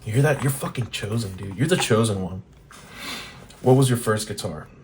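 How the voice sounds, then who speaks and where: A man's voice: fairly low pitch, moderate pace, darkish tone, slight background noise. A man hosting a guitar channel, reading old magazines aloud in casual commentary, blunt and profane, laughing often.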